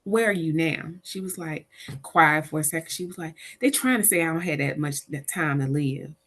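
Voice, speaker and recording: A woman's voice: sits low, moderate pace, husky. A middle-aged woman, an interview guest telling a personal caregiving story and acting out the voices of the people in it. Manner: animated, voices the people in her stories.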